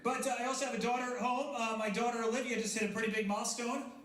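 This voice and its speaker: A man's voice: very high-pitched, fairly even intonation, very fast, fairly bright tone. A man in his thirties doing a chatty, self-deprecating stand-up comedy set, bantering with the crowd. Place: coffee house stage with a live audience. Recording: echoey room with audible crowd.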